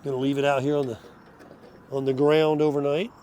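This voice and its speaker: A folksy older man vlogs casually to camera while cooking around his RV, indoors and out at an RV park, sounding tired and short of breath. His mid-range voice is mellow and flat, fairly quick, with slight background noise.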